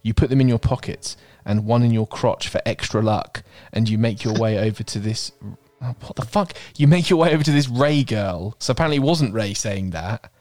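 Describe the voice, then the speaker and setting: A man's voice: fairly low pitch, a little fast, few pauses, darkish tone, no room sound. A man hosting a podcast, reading fan fiction aloud for laughs with irreverent, sweary, amused asides. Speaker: podcast host.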